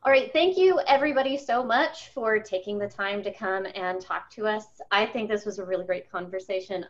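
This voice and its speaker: A woman hosting a panel discussion, calm and organized as moderator. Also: mid-range voice, highs cut off. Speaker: panel host.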